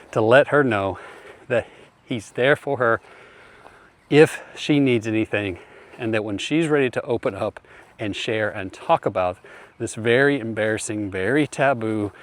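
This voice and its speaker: A man working as a marriage coach, talking straight to the listener in an earnest, repetitive advice style and calling him brother. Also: fairly low pitch. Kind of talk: direct-to-camera advice talk.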